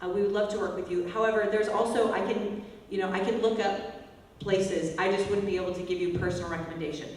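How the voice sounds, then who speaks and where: A woman vocal coach teaching a singing workshop, breaking into loud whiny and bratty exercise calls to demonstrate. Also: medium pitch, fairly even intonation, fast talker. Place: large echoey hall, workshop. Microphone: distant from the mic. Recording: echoey hall, voice from far off, faint music.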